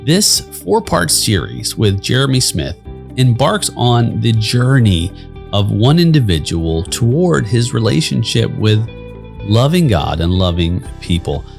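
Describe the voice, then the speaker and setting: Male podcast host, gravelly voice, animated pitch, lowish voice, faint guitar music underneath. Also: measured pace. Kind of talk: scripted show intro.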